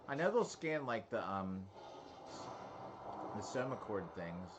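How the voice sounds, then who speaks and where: A man's voice: mid-range voice, animated, normal speed, noisy background. A man chatting casually while streaming a video game, rambling and answering viewers' questions. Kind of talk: casual gameplay chat.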